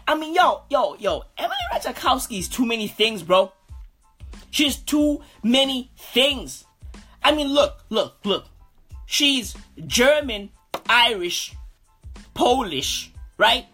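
A woman's voice: a little high, fairly bright tone, slightly rough. Brash, swaggering woman podcast host. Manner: brash, swaggering bro talk, calls everyone bro. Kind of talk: comedic podcast rant.

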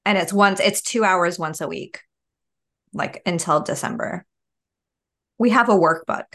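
A woman with a slightly low voice co-hosts a casual podcast conversation. She sounds upbeat and animated, laughing easily between thoughts. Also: measured pace. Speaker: podcast co-host. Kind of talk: casual chat.

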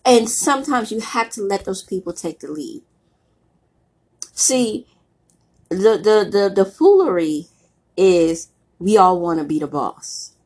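Middle-aged woman preaching blunt motivation, husky and breathy from a cold, talks street-casual. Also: mid-range voice, big pitch swings, slow, long pauses, a little mellow. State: voice roughened by a cold. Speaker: motivational speaker. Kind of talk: motivational talk.

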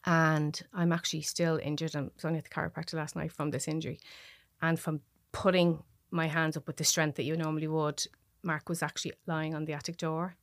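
A middle-aged woman from Dublin with an Irish accent, a podcast guest recounting a personal story in a halting, emotional way. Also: low-pitched, little pitch movement, no echo, clean studio sound. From Dublin, Ireland.

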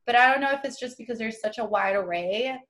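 Young woman podcast co-host, slightly high voice, chatty and animated. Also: fast talker. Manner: chatty, animated, acts out quotes with many "like"s. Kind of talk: casual chat about a TV show.

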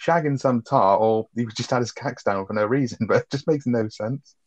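In a dull lo-fi recording, a man with a mid-range voice talks fairly quickly while co-hosting a film review podcast. He casually runs through the plot, relaxed and swearing freely, in easygoing chat.

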